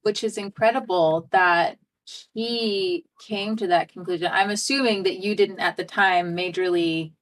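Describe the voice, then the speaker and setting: Soft-spoken woman podcast host. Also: on the low side, fairly even intonation, measured pace. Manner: soft affirming listener, asks rambling follow-up questions. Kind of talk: casual interview chat.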